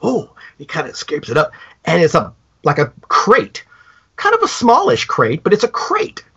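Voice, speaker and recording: A man co-hosting a podcast, retelling a story in a casual, animated way with many halting restarts. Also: a little high, creaky, husky. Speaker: podcast co-host. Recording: dull lo-fi podcast audio.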